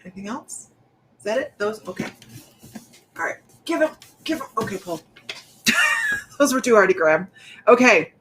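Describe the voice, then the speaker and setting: With background noise behind her, this psychic medium host speaks at a medium pitch with huge pitch swings, a moderate pace and frequent pauses. Her casual livestream chat is loose and rambling, a little breathless, and directed straight at her viewers.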